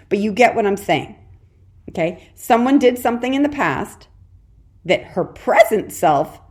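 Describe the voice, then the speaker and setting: A woman hosting a solo parenting podcast, talking in a chatty, encouraging way and addressing the listener directly. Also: medium pitch. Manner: warm encouraging, addresses listener as "dear warrior"; chatty with frequent "okay" and laughs. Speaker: podcast host and parenting coach.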